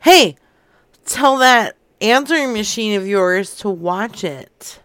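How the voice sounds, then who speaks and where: A brash, tipsy woman caller, as a man puts her on for a prank call, drawling slowly. Her speech is crude and unhurried, and the tone stays smooth and clear. The sound is dry and close to the mic. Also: high-pitched, fairly bright tone, dry recording, heavily acted. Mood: rude. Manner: slow, drawling, lewd come-ons.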